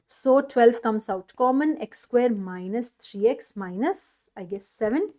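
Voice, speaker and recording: Energetic Indian-accented woman teaching maths. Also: on the high side, a little slow. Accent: Indian English. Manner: energetic, coaxing questions to students. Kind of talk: online exam-prep lecture.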